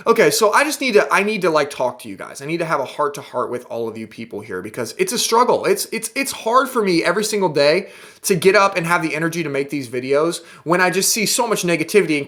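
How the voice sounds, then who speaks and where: A man's voice: high voice, fast talker. Guy hosting a crypto show, ranting, sarcastic, all worked up. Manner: exasperated, animated, sarcastic. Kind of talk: ranting video monologue.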